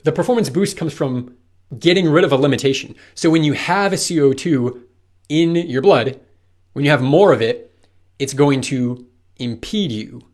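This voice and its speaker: A man's voice: on the high side, moderate pace, a little mellow. A man explaining running science to the viewer in a loose, conversational coaching talk, asking rhetorical questions.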